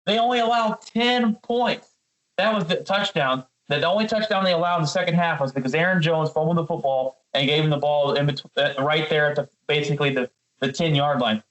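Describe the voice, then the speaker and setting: This is a man on a sports podcast, heated and ranting about a football game. His voice sits a bit high and he keeps turning to his co-host by name. He stumbles and repeats words when the anger builds. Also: fairly even intonation, quick pace, a bit bright, low-quality recording.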